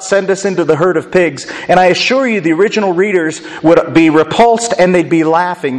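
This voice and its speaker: A man preaching an expository sermon, telling the story with lively, dramatized voices. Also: sits high. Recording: long hall reverb.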